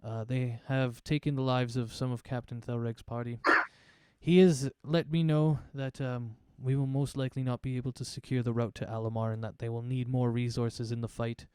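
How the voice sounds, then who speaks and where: Dude doing a polite soldier guy reporting to his lord, smooth voice, dry sound. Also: mid-range voice, little pitch movement, normal speed, mellow, dry recording, lightly acted. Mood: formal. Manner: formal, deferential. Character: dutiful male soldier of the Empire. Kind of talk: tabletop role-play voicing.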